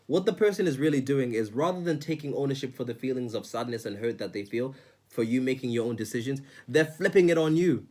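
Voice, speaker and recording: A man's voice: medium pitch, quick pace, a little mellow. A man giving self-help advice in a casual, earnest monologue, often repeating words and restarting sentences.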